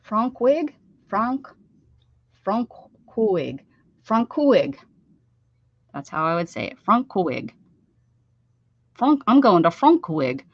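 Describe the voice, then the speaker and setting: A woman's voice: on the low side, big pitch swings, takes it slowly, long pauses, no echo, highs cut off. A woman in her fifties hosting a craft livestream, chatty and self-teasing, laughing often. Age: 50s. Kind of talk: casual livestream chat. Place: home craft room.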